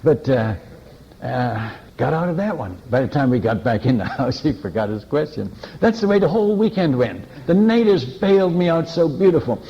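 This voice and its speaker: A man preaching as a missionary, telling stories in an animated way, chuckling and restarting often. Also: mid-range voice, moderate pace, lo-fi sound. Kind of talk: anecdotal sermon storytelling.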